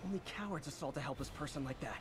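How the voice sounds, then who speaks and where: Guy doing a young superhero, dry jokey quips, quick and bouncy, noisy game audio. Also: a little high, expressive, lightly acted. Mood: wry. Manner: dry, self-mocking quips. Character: wry young adult male superhero.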